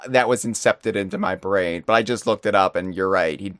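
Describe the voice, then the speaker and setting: A man's voice: deep voice, clear, resonant tone, no echo, studio quality. A man as a guest on a podcast, chatting casually and with animation. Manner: animated, chatty, quick to laugh.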